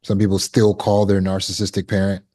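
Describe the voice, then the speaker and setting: A man with a low voice teaches trauma recovery in a relaxed, conversational way. He often acts out brief imagined exchanges to make a point. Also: brisk. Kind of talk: teaching talk.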